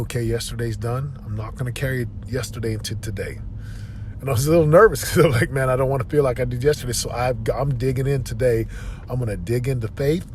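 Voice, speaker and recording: A man's voice: medium pitch, a little mellow, slight background noise. A tired man giving an earnest, upbeat motivational talk while driving, often repeating phrases. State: tired, yawning. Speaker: podcast host. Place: inside a moving car.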